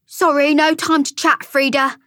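A woman voicing a caring furry female monster friend who speaks low and urgently, in a storybook audiobook. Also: level tone, normal speed, no room sound, clean studio sound. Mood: impatient. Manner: urgent, hushed.

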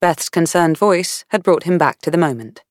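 A woman reading a novel aloud in measured, warm storytelling. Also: on the low side, animated, no echo, clean studio sound. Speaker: audiobook narrator. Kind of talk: scripted narration.

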